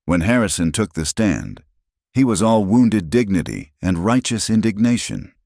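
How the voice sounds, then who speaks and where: A man's voice: lowish voice, big pitch swings, normal speed, creaky, a little mellow, no room sound, clean studio sound. A man narrating a Western story in a dramatic storytelling manner. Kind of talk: scripted narration.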